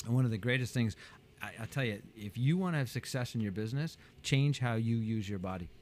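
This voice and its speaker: A man, a business coach, talking animatedly in an interview and acting out quotes with big jumps in pitch. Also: fast, a little mellow, slight background noise.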